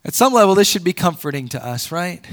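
A man preaching a sermon, repeating words as he builds a point and swinging between loud emphatic peaks and low quiet drops. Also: very animated, fast. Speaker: pastor.

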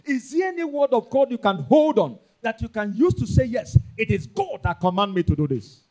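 A man with a Nigerian accent preaching a sermon, emphatic and repetitive, rising into loud bursts. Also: extremely high pitch, very animated, moderate pace. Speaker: pastor.

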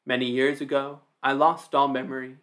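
A man's voice: mid-range voice, flat delivery, normal speed, fairly bright tone, lightly acted. A man voicing a commanding ancient ogre woman in a storybook reading, speaking in a strong, assertive tone. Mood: calm.

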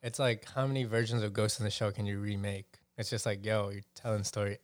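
A man's voice: on the low side, flat delivery, brisk, dry recording. Man, casual podcast chat, rambling and hedging, dry close mic. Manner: rambling, hedging, profane storyteller.

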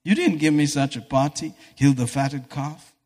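A man's voice: fairly high pitch, moderate pace, darkish tone, lightly acted. A man voicing a resentful older son who complains indignantly, in a hall with echo.

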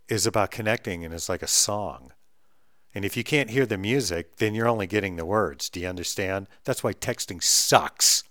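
A middle-aged man ranting bluntly and with profanity, swinging between loud outbursts and low mutters. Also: no echo, studio quality. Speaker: vlogger ranting on camera. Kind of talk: heated monologue rant.

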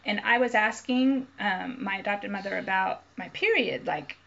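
A female guest comedian telling personal anecdotes in a lively, casual storytelling manner. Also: medium pitch, moderate pace, creaky. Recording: dull lo-fi with faint noise.

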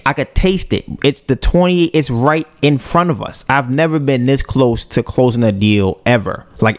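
A man's voice: mid-range voice, gravelly, no room sound. A man hosting a podcast who retells events in a loose, slangy way and acts out his own reactions in quotes. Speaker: podcast host. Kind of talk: casual storytelling.

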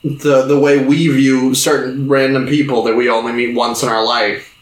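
Brief: male podcast co-host, lively, slips into high squeaky impressions, roomy sound. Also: moderate pace. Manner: animated, acts out quotes in high voices. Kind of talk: casual film discussion. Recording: roomy echo.

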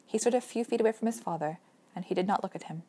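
Woman, audiobook narrator, scripted narration, steady, measured, mid pitch. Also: breathy edge.

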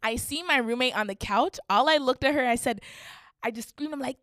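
A young woman hosting a podcast, telling a story casually and animatedly, dropping to a hush and rising to shrieks, laughing through it. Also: high-pitched, brisk, dry recording, clean studio sound. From Canada. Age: young adult. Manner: animated, swings from hushed to shrieking. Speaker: podcast host.

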